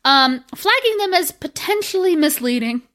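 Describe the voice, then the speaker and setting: High-voiced woman, swoopy and sarcastic, chatting on a podcast. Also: moderate pace. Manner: sarcastic, animated, laughs often. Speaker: podcast co-host. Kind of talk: casual chat.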